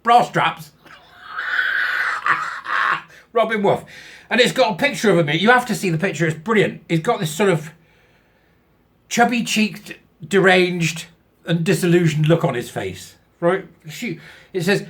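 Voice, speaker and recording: High-pitched guy reading news out loud and sneering at it, lots of snickering. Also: a little slow, pauses often. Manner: sarcastic and scornful, laughing often at his own jokes. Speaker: commentary channel host. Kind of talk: reading a news article aloud with mocking commentary.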